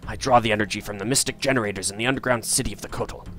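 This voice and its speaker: Male player voicing a low, smug mad shaman, faint music under. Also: rapid-fire, a bit bright, lightly acted.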